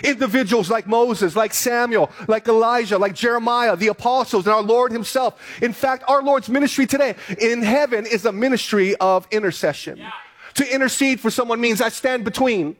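High-voiced man preaching a sermon. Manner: earnest, emphatic preaching with repeated phrases. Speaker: pastor. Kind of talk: sermon reading scripture.

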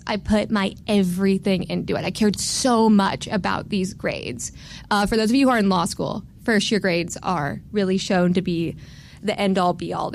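A woman's voice: medium pitch, a little hiss or hum. A woman in her twenties telling a personal story to an audience in a candid, self-mocking way, laughing as she goes.

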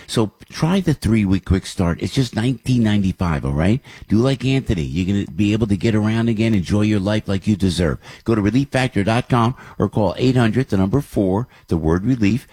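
An older man hosts a radio talk show, rambling cheerfully through fillers and restarts. His voice is husky and swings widely in pitch. The studio sound is close and dry. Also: warm tone, no room sound. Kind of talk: casual radio talk and live ad read.

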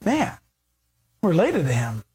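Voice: mid-range voice, wildly swooping pitch, a little slow, darkish tone, breathy edge, pitched below the performer's own voice, heavily acted. A preacher voicing Naomi as a chatty, scheming older mother-in-law who speaks in casual modern slang, during a sermon retelling.

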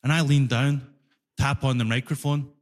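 A man's voice: medium pitch, steady tone, moderate pace, a little hiss or hum. A man with a Glaswegian Scottish accent doing stand-up, telling an exasperated story on a live music hall stage. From Glasgow, Scotland. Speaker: stand-up comedian.

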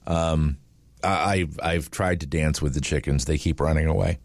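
A man's voice: very deep voice, steady tone, normal speed, no echo. A middle-aged man hosting a morning radio show, chatting casually and laughing easily as he rambles. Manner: chuckling, rambling, easygoing.

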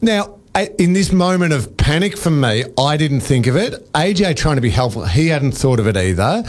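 A man's voice: on the high side, very animated, normal speed. A man, a radio breakfast host, telling a rambling, self-mocking story in casual studio banter.

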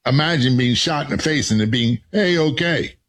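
A man's voice: medium pitch, normal speed, a bit bright. A man hosting an interview, earnest and sympathetic, often restarting his words. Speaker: podcast host. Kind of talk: interview conversation.

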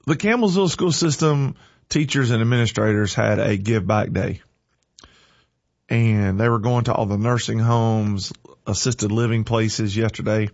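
A man's voice: lowish voice, moderate pace, dry recording, highs cut off. A man speaking emotionally on air, fighting back tears as he talks in a fervent, folksy way. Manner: fervent, tearful, folksy and heartfelt. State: teary-eyed, crying.

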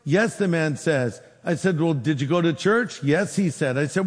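A man's voice: fairly high pitch, normal speed. Man preaching in a reverberant hall. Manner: storytelling with lively quoted dialogue. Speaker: pastor. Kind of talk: sermon.

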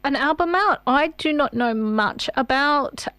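A woman's voice: sits high, expressive, unhurried, bright, forceful tone, dry recording. A woman co-hosting a radio show, enthusiastic and giggly in casual banter.

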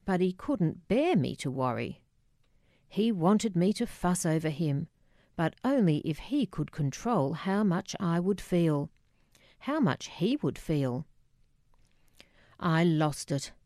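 A middle-aged woman reading a memoir aloud, measured and quietly emotional, voicing the dialogue herself. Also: on the low side, dry recording, clean studio sound. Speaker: narrator.

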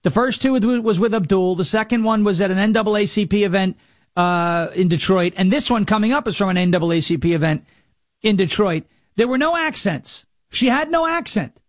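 Sarcastic high-voiced male talk host. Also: brisk, no echo, clean studio sound. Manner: sarcastic, mocking, plays clips. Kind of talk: mocking political commentary.

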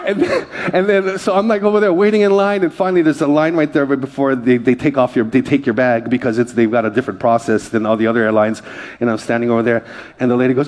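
A man's voice: medium pitch, fairly even intonation, fast talker, darkish tone. A man pastor preaching a conversational sermon and joking with the congregation.

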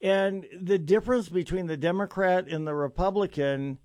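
High-voiced emphatic man hosting talk radio. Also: normal speed, a little mellow, no room sound. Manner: emphatic, repeats words, self-described sarcastic. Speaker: radio talk show host. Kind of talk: political talk radio interview.

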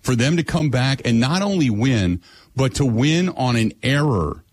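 A man's voice: medium pitch, expressive, unhurried. A middle-aged man hosting sports radio, telling a story in blunt, sarcastic, exasperated casual chat.

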